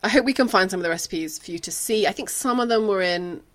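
A woman's voice: medium pitch, fast talker. A woman co-hosting a casual cookbook podcast. She chats loosely, laughs easily and trails off into ums and uhs as she explains things. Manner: chatty, laughs often, trails off with fillers. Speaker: podcast co-host. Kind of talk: casual chat.

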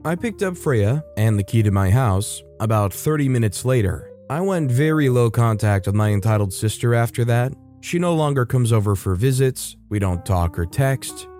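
A man reading stories aloud in an expressive, emphatic way, with wry asides. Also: mid-range voice, normal speed, hardly any pauses, faint music behind. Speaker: story narrator.

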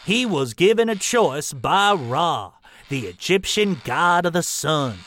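A man plays a touchy, old-fashioned gentleman in a comedy sketch, speaking. He drawls slowly and formally, his pitch sitting fairly high and leaping around a lot. He bristles and flusters easily. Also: sing-song, exaggerated voice. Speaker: comic presenter.

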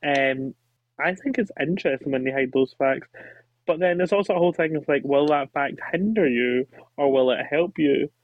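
A man guesting on a podcast, chatting in an animated, gushing way and acting out his own reactions. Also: a little high, moderate pace, no room sound. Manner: animated, gushing, quotes himself with little gasps. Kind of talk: casual chat. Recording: dull lo-fi mic.

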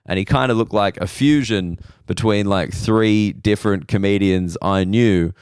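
An Australian comedian hosting a podcast, telling rambling self-deprecating stories slowly, his voice hoarse and worn. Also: fairly low pitch, darkish tone, no room sound, clean studio sound. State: losing his voice. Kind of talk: casual comedic monologue.

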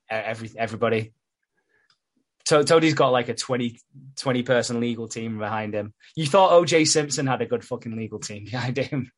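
A man's voice: medium pitch, a bit bright. Sweary laughing man recapping. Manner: sweary, laughing, retells scenes with quoted voices. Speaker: podcast co-host recapping a soap. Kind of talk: casual chat.

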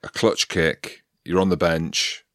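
Very deep-voiced host, blunt and sweary. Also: male voice, steady tone, slow pace, no echo, clean studio sound. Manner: blunt, swears casually, playful teasing. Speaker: podcast host. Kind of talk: casual chat while watching match footage.

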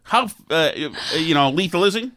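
A podcast host telling a story in a casual, animated way, acting out his own quotes. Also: a little high, normal speed.

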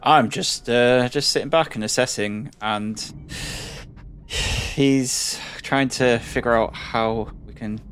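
A man playing a tabletop game, speaking in a measured, reserved way in character. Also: medium pitch, fairly bright tone. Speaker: player. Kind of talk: casual in-character banter. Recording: noisy background hiss.

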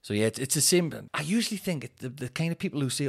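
A man chats alone into his podcast mic, sweary and animated. He rants with a lively voice that jumps up in pitch and loudness whenever something annoys him. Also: fast talker. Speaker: podcast host. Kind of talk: casual solo chat. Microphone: headphones in, home podcast mic.

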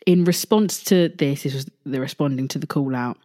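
A woman's voice: a bass voice, moderate pace, warm tone. A young woman hosting a casual solo podcast, talking in a chatty way, repeating herself and swearing freely. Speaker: podcast host.

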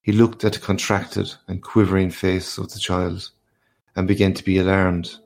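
A man narrating a classic short story aloud in a measured, unhurried way. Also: deep voice, little pitch movement, vocal fry, a little mellow.

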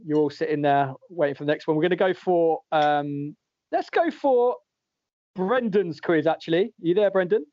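Here a slightly high-voiced man at normal speed runs a quiz on his casual podcast, cracking jokes and laughing often as he reads out the answers. The sound is dull, lo-fi and dry.

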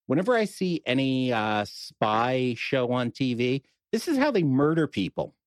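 A man's voice: mid-range voice, very animated, a little slow, no room sound, studio quality. A middle-aged man with a New York accent, a podcast guest telling a personal story in casual conversation, with wry humor and frequent restarts.

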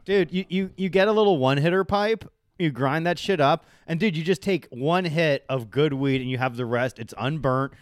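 A man's voice: fairly high pitch, moderate pace, no echo. A man co-hosting a comedy podcast, blunt and pushy in casual banter. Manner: pushy, blunt, says dude a lot. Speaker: podcast co-host. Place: basement.

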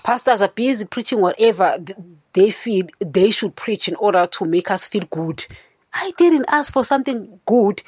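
A woman's voice: medium pitch, expressive, moderate pace, a little mellow, slightly rough, no echo. Earnest rambling woman, dry close sound. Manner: earnest, rambling, keeps saying "you know, guys". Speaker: podcast host. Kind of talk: casual faith monologue.

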